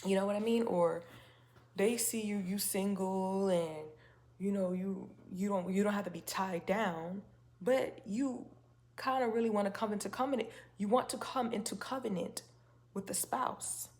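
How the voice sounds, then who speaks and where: A woman's voice: mid-range voice, fairly even intonation, moderate pace, a little mellow. Chatty woman giving faith-based encouragement. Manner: chatty and emphatic, with many restarts and rhetorical questions. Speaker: faith-based video host. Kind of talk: casual spoken talk to camera.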